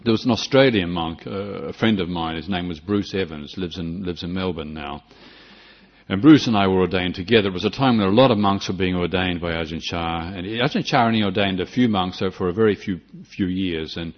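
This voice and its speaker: An older man from New Zealand, a Buddhist monk, speaks briskly in a low-sitting voice during a reflective dharma talk. He restarts often and keeps the mood light with humor, though the recording itself is dull and lo-fi.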